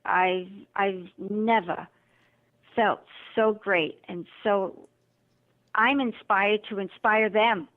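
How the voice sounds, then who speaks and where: Animated woman over a tinny phone line. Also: medium pitch, slow. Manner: animated, acts out quoted dialogue. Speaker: guest author and motivational speaker. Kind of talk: interview storytelling.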